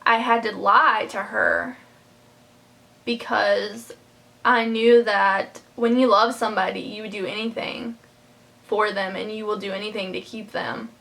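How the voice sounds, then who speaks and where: Young woman's bright emotional vlog talk. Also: medium pitch, steady tone, measured pace, creaky. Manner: heartfelt, rambling, many fillers and restarts. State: close to tears. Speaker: vlogger. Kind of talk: personal storytime vlog.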